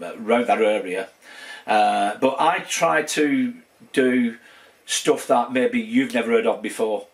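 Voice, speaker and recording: A man in his sixties with a broad northern English Wigan accent, giving a rambling, casual update to his channel's viewers. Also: fairly low pitch. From northwest England. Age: 60s. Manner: rambling, with many fillers and restarts. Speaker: channel host.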